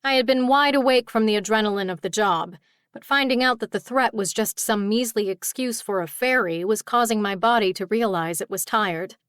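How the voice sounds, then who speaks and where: A woman's voice: mid-range voice, fairly quick, a bit bright, clean tone, no room sound, clean studio sound. A woman reading a first-person urban fantasy audiobook, with a tired, exasperated edge. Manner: tired, exasperated heroine voice in dialogue. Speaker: audiobook narrator.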